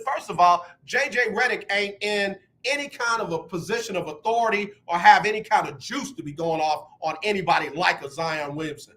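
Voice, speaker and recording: Fired-up bright-voiced man hosting sports radio. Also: high-pitched. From United States. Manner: emphatic, repeats words when fired up. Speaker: radio show host. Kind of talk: sports talk radio commentary.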